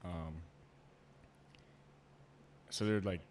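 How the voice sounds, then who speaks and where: A man hosting a podcast, asking questions and chatting in a relaxed, casual way. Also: low voice, drawn-out words, a little hiss or hum. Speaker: podcast host. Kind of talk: casual chat.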